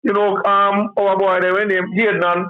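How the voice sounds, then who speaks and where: A man's voice: high voice, level tone, moderate pace. A man with a Jamaican accent calling in to a sports show, rambling in heavy patois. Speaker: caller. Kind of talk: casual phone-in chat. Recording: tinny phone line.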